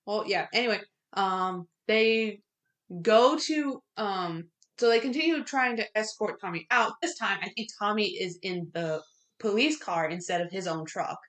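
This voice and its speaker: A woman's voice: mid-range voice, expressive, measured pace, a bit bright. A woman co-hosting a casual movie review podcast, recapping the plot in a chatty way with lots of fillers. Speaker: podcast co-host.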